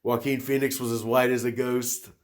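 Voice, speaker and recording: A man's voice: mid-range voice, level tone, moderate pace. A man in his twenties hosting a solo podcast, talking casually and enthusiastically about movies, rambling with many restarts. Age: 20s. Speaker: podcast host.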